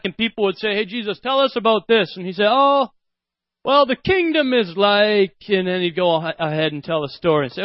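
A man in his thirties preaching a sermon, telling family stories with lively acted-out voices. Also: fairly high pitch, dry recording. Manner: animated storytelling, acts out his kids' voices. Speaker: pastor. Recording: dull, slightly lo-fi dry sound.

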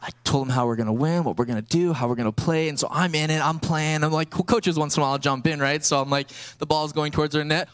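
Young man, pastor preaching a sermon, fairly high voice, energetic storytelling. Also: quick pace, hardly any pauses, smooth.

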